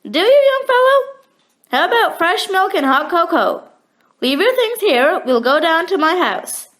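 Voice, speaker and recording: A woman's voice: extremely high pitch, animated, measured pace, a bit bright, full character voice. A woman voicing a hearty young settler man. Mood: cheerful.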